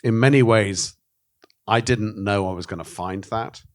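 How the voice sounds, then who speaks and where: Man, very low voice, candid interview talk, animated storytelling, swears freely. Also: unhurried. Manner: frank and animated, swears, acts out quoted voices. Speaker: documentary filmmaker, interviewee.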